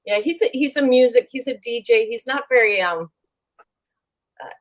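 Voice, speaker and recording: A woman chatting as a guest on a live show, playful and lively as she tells a long joke. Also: a little high, moderate pace. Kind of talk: casual chat, telling a joke.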